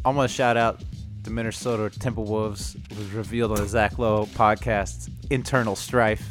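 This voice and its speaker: A man's voice: fairly low pitch, fairly even intonation, normal speed, soft background music. A man co-hosting a casual sports podcast, talking bluntly with profane jokes. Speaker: podcast co-host.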